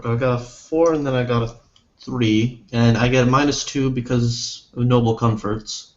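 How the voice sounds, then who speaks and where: A man's voice: mid-range voice, steady tone, moderate pace, a little mellow, lo-fi sound. A man playing a tabletop game, describing his actions in first person and correcting himself as he goes. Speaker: player.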